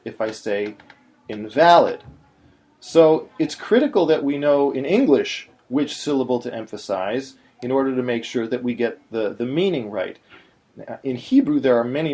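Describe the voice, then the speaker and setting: A man's voice: mid-range voice, mellow. Patient man explaining step by step. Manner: patient, explanatory, breaks into short sung syllables. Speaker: teacher. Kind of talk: screen-recorded tutorial.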